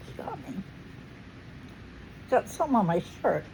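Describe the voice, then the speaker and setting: A woman's voice: a little high, very animated, moderate pace, vocal fry, heavy background noise. A middle-aged woman hosting a casual family chat at home, chatty and playful with frequent laughs. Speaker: host.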